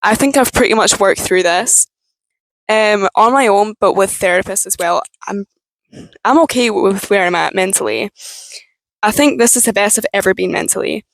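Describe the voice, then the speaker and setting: A woman's voice: medium pitch, creaky, no echo, rough recording. Frank young woman, strained voice. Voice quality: strained, tense voice. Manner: frank, swears freely, halting restarts. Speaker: vlogger. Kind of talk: candid personal talk to camera.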